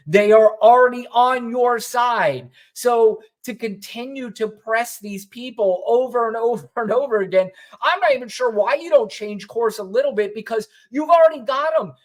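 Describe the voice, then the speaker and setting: A man co-hosting a podcast, giving blunt, sardonic commentary and telling stories in an animated way. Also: sits high. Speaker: podcast co-host. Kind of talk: opinionated casual commentary.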